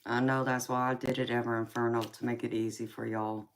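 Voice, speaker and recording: A woman's voice: very deep voice, level tone, fairly quick. A woman with a Southern American accent chatting casually with viewers on a live stream, affectionately calling them honey and sweetheart and laughing often. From California, raised in Georgia. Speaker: tarot reader and live stream host.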